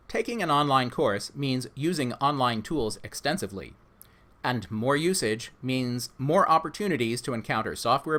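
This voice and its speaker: Man giving a measured course orientation. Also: medium pitch, fairly bright tone. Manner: measured, instructive. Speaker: instructor.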